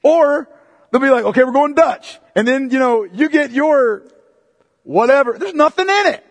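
A man preaching a sermon as pastor, emphatic and repetitive, swinging between loud and hushed delivery. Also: very high-pitched, expressive, moderate pace, big-room sound.

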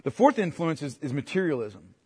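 A man's voice: fairly high pitch, big pitch swings, fairly quick, mellow, breathy edge. A male pastor preaching a sermon, emphatic and full of rhetorical questions put to the congregation. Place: church sanctuary. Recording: long reverb in a large hall.

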